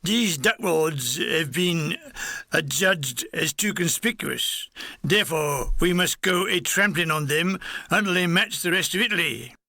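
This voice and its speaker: A man puts on a nasal Cockney army sergeant who speaks in a clipped, officious way. The delivery is slow and drawn out, high-pitched and bright. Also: animated, no room sound, full character voice.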